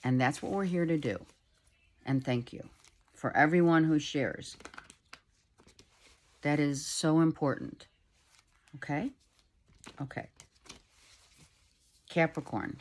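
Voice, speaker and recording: A middle-aged woman giving a casual tarot reading at home, talking softly and rambling, with many fillers. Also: low voice, a little slow, long pauses. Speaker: tarot reader. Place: home, with a child heard in the background.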